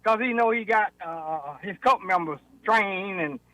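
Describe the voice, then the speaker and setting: A man's voice: sits high, unhurried, crowd noise, rough recording. A man calling in to a talk show, blunt and teasing, talking in loose casual grammar. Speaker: caller. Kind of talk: casual on-air chat.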